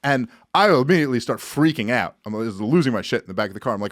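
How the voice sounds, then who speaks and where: A man in his thirties, a podcast co-host, telling a story in casual chat, animated and swearing freely. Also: fairly low pitch, very fast, hardly any pauses, no room sound, studio quality.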